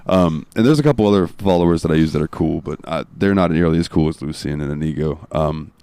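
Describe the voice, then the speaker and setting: Deep-voiced male host, relaxed rambling chat, dry close sound. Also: fast talker, clear, resonant tone, dry recording. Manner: relaxed, rambling with fillers and swearing. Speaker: podcast host. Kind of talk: casual chat.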